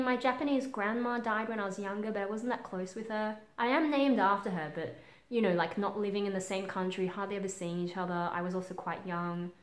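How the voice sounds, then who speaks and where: A woman in her twenties with an Australian accent, talking frankly in a personal vlog, halting with many ums and casual swearing. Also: on the low side, fairly bright tone. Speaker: vlogger. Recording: roomy echo.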